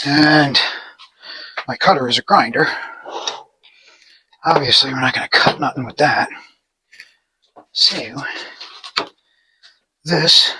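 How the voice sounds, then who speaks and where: A man's voice: fairly high pitch, bright, forceful tone, breathy edge. A man hosting a casual do-it-yourself video, talking through his work in a rambling, self-deprecating way in his home garage. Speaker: DIY video host. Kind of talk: casual how-to narration while working.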